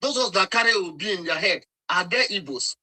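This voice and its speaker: This is a Nigerian man with a high voice, pushing his point hard in a heated online debate. His tone is very sharp and bright, and he scolds and repeats words as he presses on. He sounds insistent from start to finish. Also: lively intonation, fairly quick, breathy edge, rough recording. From Nigeria, Nsukka. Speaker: speaker in an online audio room debate. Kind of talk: heated political argument.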